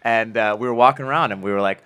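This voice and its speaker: A comedian chatting casually on a podcast, laughing often and swearing freely. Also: male voice, mid-range voice, fast talker, bright, forceful tone, clear, resonant tone.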